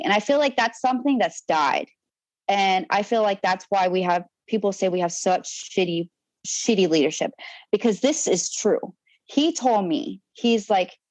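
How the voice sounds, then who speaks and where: A woman's voice: medium pitch, darkish tone, no echo, low-quality recording. A young woman who served in the Navy, telling her own story on a podcast in a blunt, profanity-heavy way, rambling with restarts. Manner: rambling with restarts and trailing fillers. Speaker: podcast guest, Navy sailor. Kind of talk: candid personal storytelling.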